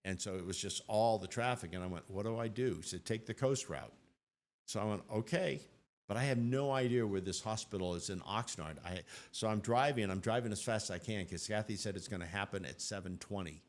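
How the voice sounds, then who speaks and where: On an interview show, an older man with a lowish voice moves briskly through his story, animated and quoting others in character.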